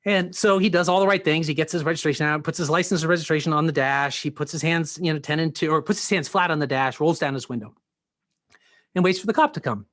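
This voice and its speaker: A man's voice: fairly high pitch, fast, fairly bright tone, dry recording. A man, a pastor, telling a personal story in a sermon with earnest, filler-laden storytelling and voiced quotes.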